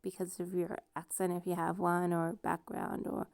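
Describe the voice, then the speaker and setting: This woman's lowish voice is gravelly and darkish, delivered in a monotone at a moderate pace, with clean studio sound and no echo. A vlogger with a noticeable non-standard accent, she rambles casually to camera, self-deprecating and laughing often.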